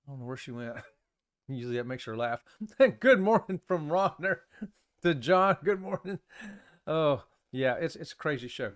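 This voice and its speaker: A man hosts a casual live-streamed talk show. His voice sits a little high for a man. He rambles, chats warmly with viewers by name and laughs often between remarks. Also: lively intonation, moderate pace.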